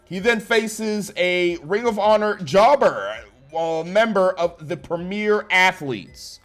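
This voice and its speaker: Male reviewer, higher-pitched voice, sarcastic and profane, faint music underneath. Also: animated, slow, fairly bright tone. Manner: blunt, sarcastic, swears heavily. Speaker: wrestling show reviewer.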